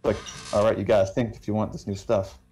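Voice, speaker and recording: A man's voice: fairly low pitch, level tone, quick pace, mellow, slight background noise. A man chatting as a player at a tabletop game, rambling with lots of fillers. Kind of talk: casual tabletop session talk.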